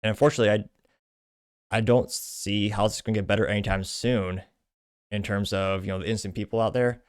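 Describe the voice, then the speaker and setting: A man hosting his own show, reading social media posts aloud and commenting on them in a rapid, emphatic, scornful way. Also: on the low side, steady tone, no echo. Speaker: show host.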